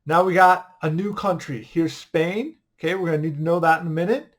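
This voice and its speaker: A man's voice: a little high, fairly quick. A man teaching an online history class in a casual, upbeat way, joking and quizzing his students as he goes.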